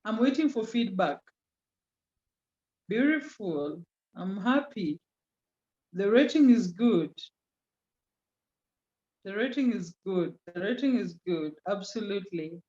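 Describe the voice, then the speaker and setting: A woman teaching a class online, slowing down to stress key terms and teasing students by name. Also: medium pitch, lively intonation, mellow. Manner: code-switches into Swahili, teasing students by name. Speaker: communication skills lecturer. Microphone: video call. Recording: lo-fi video call audio.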